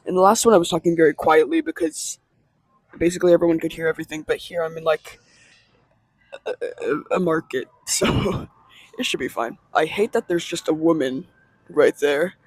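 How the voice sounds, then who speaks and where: A man's voice: a little high, lively intonation, moderate pace, no room sound. A young man in his late teens rambling through a casual vlog monologue while out in a market, with chatty, self-aware asides. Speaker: vlogger.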